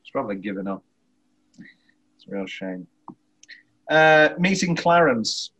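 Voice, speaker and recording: A man's voice: medium pitch, sing-song, a little slow, fairly bright tone, breathy edge. A man co-hosting a casual film podcast, rambling and interrupting himself, often laughing mid-sentence. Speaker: podcast co-host. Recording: dull lo-fi podcast audio.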